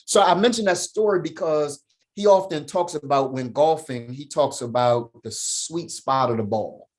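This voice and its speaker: A man's voice: on the high side, normal speed. Emphatic, slangy man telling stories. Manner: punctuates points with "right?". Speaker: podcast guest, founder of a men's program. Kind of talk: animated storytelling, casual talk.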